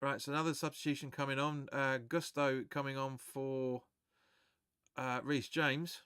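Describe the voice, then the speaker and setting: A man hosting a live fan watch-along of a football match, chatting excitably, swearing, and reading viewer comments aloud. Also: medium pitch, a little slow, clear, resonant tone, no echo, studio quality.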